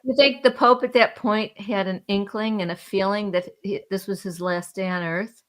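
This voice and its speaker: A woman's voice: medium pitch, steady tone, normal speed. A middle-aged woman co-hosting a casual chat, earnest and plain-spoken, disapproving of jokes. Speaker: co-host, host's mother.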